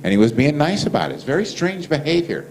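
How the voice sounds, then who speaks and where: Male storyteller, lively pitch, acts out dialogue, laughs through it. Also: fast, creaky, rough recording. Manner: animated, acts out both sides of the dialogue, laughs often. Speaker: speaker telling stories. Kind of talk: anecdotal storytelling to an audience.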